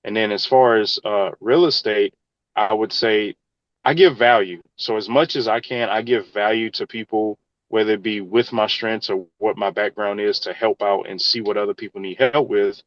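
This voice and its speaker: A man's voice: fairly low pitch, steady tone, normal speed, no room sound, lo-fi sound. A man, an engineer in real estate, answering interview questions in an earnest, conversational way. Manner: earnest, advice-giving, conversational.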